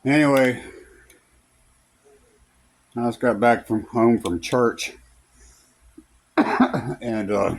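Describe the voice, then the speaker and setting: A man's voice: medium pitch, extremely slow, vocal fry, pauses often. A man telling a rambling personal story in a casual vlog, full of fillers and restarts, recorded in a car. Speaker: vlogger.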